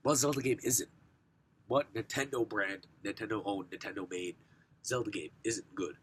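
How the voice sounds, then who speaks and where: A young man with a hoarse, rough voice from recent sickness, casually showing off his game collection, rambling and clearing his throat. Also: on the low side, moderate pace, fairly bright tone, slight background noise. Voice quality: rough, smoker-sounding voice. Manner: rambling, self-correcting, frequent throat clearing.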